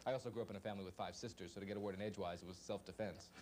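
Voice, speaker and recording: A man from Long Island who talks at astonishing speed, chatting in an interview about his fast-talking. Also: fairly low pitch, steady tone, darkish tone, slight background noise. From Long Island, New York. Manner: extremely rapid speech. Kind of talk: casual interview and rapid-fire ad reads.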